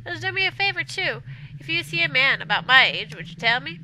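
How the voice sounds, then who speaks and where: A woman's voice: high-pitched, very animated, a little fast, noisy background. A woman voicing a young man in a game, flustered and apologetic, reading stumbling dialogue aloud.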